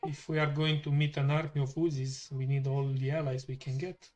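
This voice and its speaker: A man's voice: fairly high pitch, little pitch movement, fairly quick, a little mellow, faint music behind. A man playing a tabletop game, eager and polite as his character. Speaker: player.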